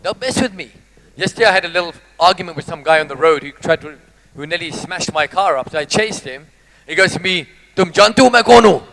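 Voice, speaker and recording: Guy giving a jokey motivational talk, high voice, animated, teasing. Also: fast talker, a crowd in the background, rough recording. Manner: animated, jokey, teases the audience. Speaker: motivational speaker.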